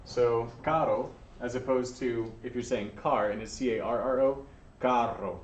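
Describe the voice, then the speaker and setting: A patient male Spanish teacher leads a classroom lesson, calling on students with encouragement and plenty of ums and uhs. His medium-pitched, darkish voice is steady at a normal speed. The recording is distant, dull, and echoey, with slight background noise.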